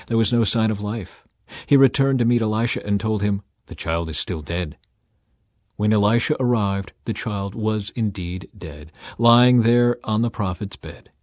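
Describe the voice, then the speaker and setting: A man narrating a scripture story in a measured, deliberate reading style. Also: on the low side, darkish tone, dry recording, studio quality.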